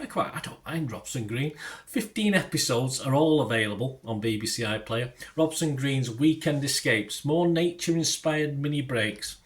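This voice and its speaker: A middle-aged British man rambling casually through the week's TV listings, with digressions and chatty asides. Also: medium pitch. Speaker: TV listings reviewer. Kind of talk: casual TV guide chat.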